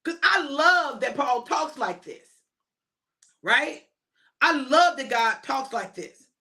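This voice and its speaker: Lively high-voiced woman preaching. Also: slow. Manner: emphatic and repetitive, calls out to listeners. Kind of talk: informal sermon.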